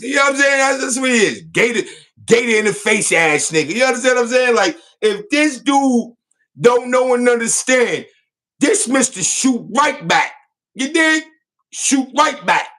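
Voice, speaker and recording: High-pitched guy roasting someone on his show, loud and mocking, voice all over the place. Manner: loud, mocking, repeats catchphrases. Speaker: online show host. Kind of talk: comedic roast rant.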